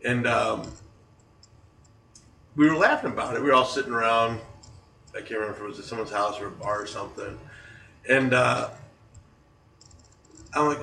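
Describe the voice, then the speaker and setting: A man in his forties hosting a podcast, telling stories in a casual, animated way and laughing along, recorded in a roomy space from a distant mic. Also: mid-range voice, normal speed, vocal fry, long pauses, a little hiss or hum. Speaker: podcast host. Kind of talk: casual storytelling.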